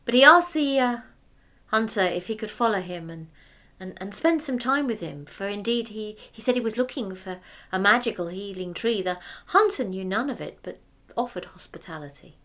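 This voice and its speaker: A woman telling a fairy tale aloud, expressive, dropping to whispers for effect. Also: medium pitch, normal speed. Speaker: storyteller. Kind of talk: oral fairy-tale storytelling.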